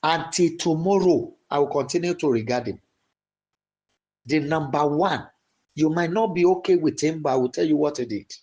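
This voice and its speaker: A man with a Nigerian accent, a pastor preaching and then leading the congregation in prayer, slow and deliberate, rising to shouts in prayer. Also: on the high side, lo-fi sound. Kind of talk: sermon and led prayer.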